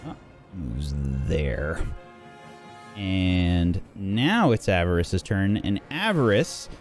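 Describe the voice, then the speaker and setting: A man narrating as game master in a tabletop game, relaxed and thinking aloud as he goes. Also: sits low, extremely slow, faint music behind.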